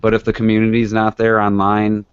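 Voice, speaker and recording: A man speaks on a casual podcast in a low, flat voice, steady and matter-of-fact. He lays out his view calmly. The recording is dry and lo-fi. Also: brisk, clear, resonant tone, no echo. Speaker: podcast guest. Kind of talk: casual chat.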